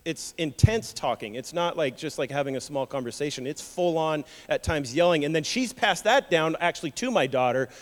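A man preaches in a church. He tells stories in an animated, joking way and stumbles over repeated words. His voice sits a little high, and a long hall reverb trails behind each phrase. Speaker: pastor. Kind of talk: sermon.

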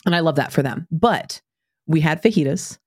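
A woman in her forties co-hosting a podcast, telling a parenting story with animated quoting of her kids. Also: normal speed. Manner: animated storyteller, jumps high for quoted kids. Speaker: podcast co-host. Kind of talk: casual chat, storytelling.

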